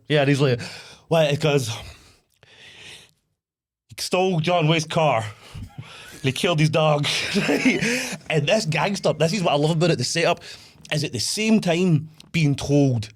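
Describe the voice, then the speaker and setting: Animated man retelling film scenes. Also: fairly high pitch, measured pace. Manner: animated storyteller, swears freely. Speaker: podcast co-host. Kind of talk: casual chat.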